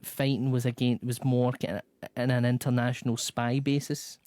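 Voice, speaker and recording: A man co-hosting a radio show, talking in a dry, measured and grudging way. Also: medium pitch, level tone, a little mellow, dry recording. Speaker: radio co-host. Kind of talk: casual radio chat. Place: radio studio. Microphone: studio microphone.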